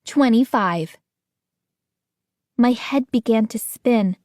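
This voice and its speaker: Slow, dry-voiced woman reading a story aloud. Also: a little high, mellow, no echo. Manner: acts out scared young narrator and other characters' lines. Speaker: audiobook narrator. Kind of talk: scripted narration.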